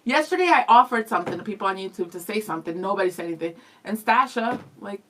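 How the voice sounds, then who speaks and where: A young woman co-hosting a radio show, chatting casually and reading viewer comments aloud in a lively way. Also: mid-range voice, quick pace, a little hiss or hum, poor audio. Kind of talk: casual live-stream chat.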